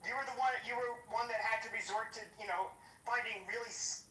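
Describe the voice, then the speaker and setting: A woman's voice: a little high, fairly even intonation, a little fast, sharp tone. Woman ranting profanely in a roomy distant mic. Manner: profane, mocking, confrontational. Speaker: podcast host. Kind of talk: heated call-out rant. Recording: roomy, distant, faint noise.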